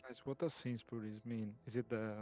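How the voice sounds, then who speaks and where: A man runs a game raid over voice chat, chatty and teasing as he gives his team quick instructions. His voice sits at an ordinary pitch. The stream audio is dull and lo-fi, with faint music behind it. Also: steady tone, a little mellow. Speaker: raid leader. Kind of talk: casual voice chat while gaming.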